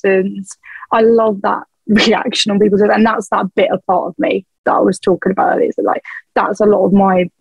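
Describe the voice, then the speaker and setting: A woman's voice: mid-range voice, little pitch movement, normal speed, vocal fry, a little mellow, breathy edge, no room sound, rough recording. A young woman, a band's vocalist, chatting frankly as a podcast guest, laughing often and swearing casually. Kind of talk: casual chat.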